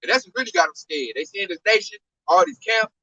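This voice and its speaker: High, bright-voiced fervent male preacher. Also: wildly swooping pitch, fast, dry recording, distant mic, highs cut off. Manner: fervent, heavy use of "you know" and "man". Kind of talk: informal sermon teaching scripture.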